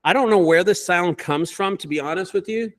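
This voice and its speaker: A man who owns a junk removal business, telling stories in a casual group call with lots of swearing and animated delivery. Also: sits high, fairly quick. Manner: profane, animated storyteller.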